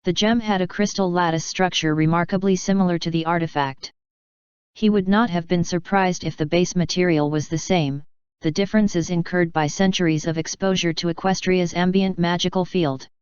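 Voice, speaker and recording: Woman narrator, audiobook reading, steady delivery, lowish pitch, dry dull recording. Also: moderate pace, clean tone, no room sound. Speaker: fanfiction reader.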